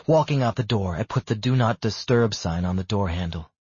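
Man, first-person audiobook narration, husky, low voice, dull lo-fi recording. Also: animated, brisk, darkish tone, no room sound.

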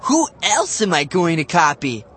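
A man's voice: sits high, huge pitch swings, moderate pace, fairly bright tone, slightly rough, voice pushed up, heavily acted. A man voicing a smug, sneaky schoolboy who cheats and grins about it.

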